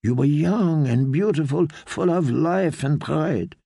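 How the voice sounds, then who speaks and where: A man voicing a soothing foreign noblewoman in an audiobook reading, with a soft, coaxing manner. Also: on the high side, takes it slowly, gravelly, slightly rough, no echo, clean studio sound, voice pushed up, exaggerated voice. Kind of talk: audiobook character voice.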